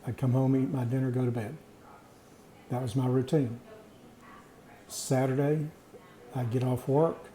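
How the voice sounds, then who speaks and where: Earnest man with a very dark voice. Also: medium pitch, flat delivery. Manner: earnest, reflective, plain-spoken with pauses. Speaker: vlogger sharing personal experience. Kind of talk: personal storytelling monologue. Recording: echoey room.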